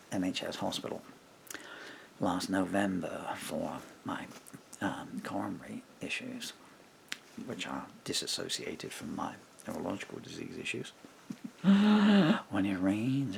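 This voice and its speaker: Speaking straight to his camera from a room at home, a vlogger with a deep, heavily gravelly voice tells a story in an animated, casual way. He acts out the voices of people he quotes and chuckles between points, over a faint hiss in the recording.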